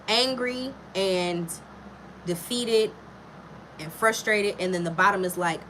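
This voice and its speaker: A woman's voice: mid-range voice, a little slow, a bit bright, slight background noise. A woman giving a casual live tarot reading, talking frankly and chattily to a viewer, with plenty of swearing. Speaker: tarot reader.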